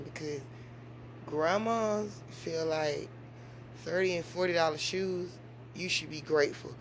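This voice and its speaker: A mother chatting casually to her vlog audience, telling stories with big swings in pitch and loudness. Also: moderate pace, noisy background. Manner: animated storytelling with big swings in pitch and volume. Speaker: mother and vlogger.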